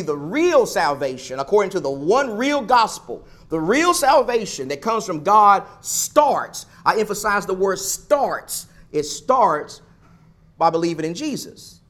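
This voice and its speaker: High-voiced man preaching with emphatic repetition. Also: big pitch swings, a little slow, a bit bright. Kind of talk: sermon.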